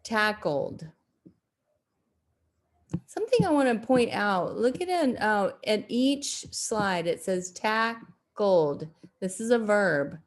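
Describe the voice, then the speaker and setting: A woman teaching second graders in a recorded video lesson, speaking deliberately with frequent fillers and restarts. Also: mid-range voice, big pitch swings. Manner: slow, deliberate, with frequent fillers and self-corrections.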